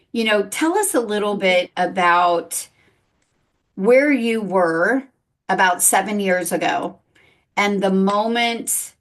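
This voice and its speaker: A woman's voice: mid-range voice, a bit bright. A woman hosting a faith-based interview podcast, asking guests earnest, reflective questions. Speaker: podcast host.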